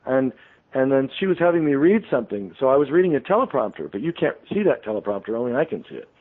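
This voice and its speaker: Man, radio guest, rambling storyteller, lots of ums, mid-pitched voice, phone-line sound. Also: sing-song, quick pace. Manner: rambling, full of ums and restarts. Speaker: interview guest, author. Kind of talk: anecdotal storytelling on a radio show.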